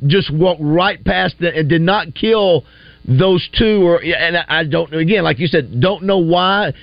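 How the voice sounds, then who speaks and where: A man's voice: a little high, unhurried, gravelly, no room sound. A man hosting a morning radio show in a casual, chatty way, often stalling with fillers and restarts. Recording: dull lo-fi broadcast sound.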